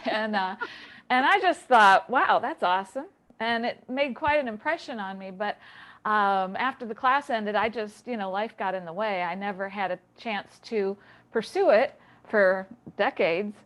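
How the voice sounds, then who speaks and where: A middle-aged woman, a tai chi instructor, telling her story as a guest in a relaxed, reflective way with light laughs, calling in from a home basement. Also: mid-range voice, unhurried. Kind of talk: remote interview, personal story.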